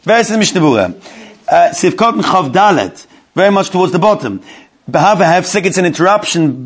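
High-voiced man teaching a text class. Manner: lively, questioning the class and praising answers. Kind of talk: reading a legal text aloud and translating it line by line.

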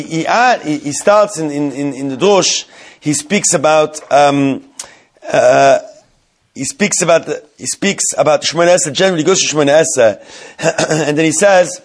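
A man giving a Torah class, reading Hebrew lines slowly and then explaining them in English with frequent restarts. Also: fairly high pitch. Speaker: Torah teacher.

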